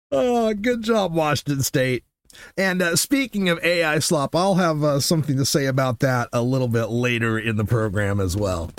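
A man hosting a casual solo podcast, telling stories in an animated way and acting out what people said. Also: medium pitch, moderate pace, clean tone. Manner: animated storyteller who acts out quotes. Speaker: podcast host.

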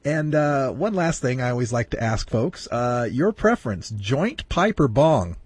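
Easygoing male host, slightly husky, dry and close. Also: medium pitch, sing-song, unhurried, darkish tone, dry recording. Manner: laid-back, easygoing. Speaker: podcast host. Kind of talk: casual interview chat.

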